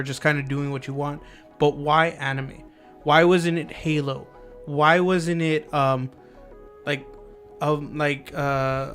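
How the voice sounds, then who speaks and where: Male podcast host, casual and rambling, slightly raised pitch, soft music bed. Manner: loose and rambling, lots of fillers and restarts. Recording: lofi music underneath.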